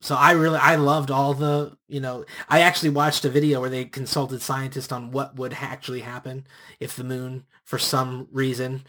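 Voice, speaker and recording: A man co-hosting a casual movie review chat, easygoing and measured. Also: mid-range voice, flat delivery, pushed and bright. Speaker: podcast co-host.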